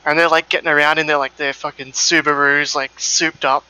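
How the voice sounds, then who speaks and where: A man's voice: on the high side, level tone, fairly quick, sharp tone, clean tone, poor audio. A man with an Australian accent, chatting casually during a sim race stream, laughing often and swearing freely while telling rambling stories. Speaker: sim racing stream co-host. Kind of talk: casual chat.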